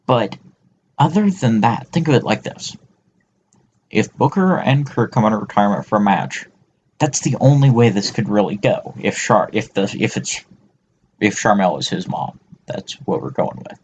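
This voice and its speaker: A man's voice: on the low side, expressive, moderate pace, a little mellow, slight background noise. A man co-hosting a podcast, ranting profanely in casual chat. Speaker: podcast co-host. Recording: dull lo-fi sound.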